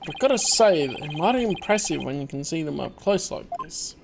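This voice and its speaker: Animated woman narrating a game. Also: low voice, a little fast, gravelly, noisy background. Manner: casual, amused, reads along. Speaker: gaming host. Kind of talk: game playthrough commentary.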